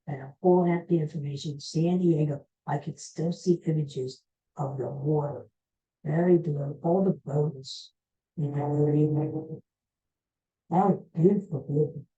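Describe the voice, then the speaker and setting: A woman's voice: deep voice, steady tone, measured pace, mellow, dull audio. A woman hosting a podcast in a casual, rambling chat, joking and teasing the people in the studio. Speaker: podcast host.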